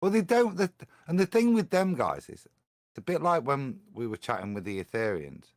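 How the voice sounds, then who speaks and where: A man on a live-stream panel chatting in a rambling, animated way. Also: mid-range voice, normal speed, no echo, clean studio sound. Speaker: panel guest.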